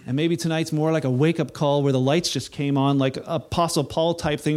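A middle-aged male pastor preaching a sermon, earnest, rising to impassioned peaks and then dropping soft and low. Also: steady tone, a little fast, few pauses.

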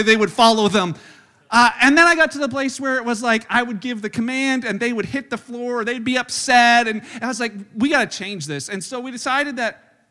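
A man's voice: extremely high pitch, pushed and bright. A man preaching a sermon in a church, telling chatty, self-deprecating family stories with lots of restarts. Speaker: pastor. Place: church service.

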